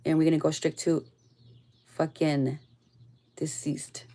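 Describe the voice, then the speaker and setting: A woman's voice: little pitch movement, slow pace. Blunt, profane woman giving a spiritual reading. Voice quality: blunt and profane, drifting soft and low. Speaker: tarot reader.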